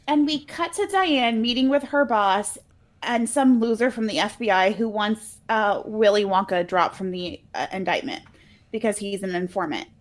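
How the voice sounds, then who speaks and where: A woman co-hosting a casual podcast, telling a movie scene by scene, laughing often and slipping into little voices when she quotes the characters. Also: medium pitch. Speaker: podcast co-host recapping a movie. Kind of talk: casual chat.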